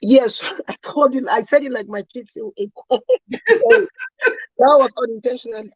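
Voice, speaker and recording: A woman's voice: a little high, sing-song, moderate pace, slightly rough, no room sound. A woman from Cameroon, a guest chatting earnestly and laughing easily on a video call. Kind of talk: casual chat on a video call. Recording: dull, lo-fi video call audio.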